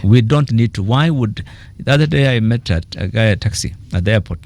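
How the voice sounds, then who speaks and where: Talking fairly quickly in a voice on the low side, a male political economist with a Kenyan accent is interviewed on the radio. He tells stories animatedly, weaving in quoted asides.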